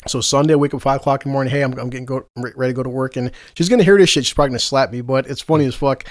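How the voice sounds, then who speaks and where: A podcast host in his forties chats casually, swearing a lot and laughing his way through rambling stories. His medium-pitched voice comes rapid-fire, with studio quality and no room sound.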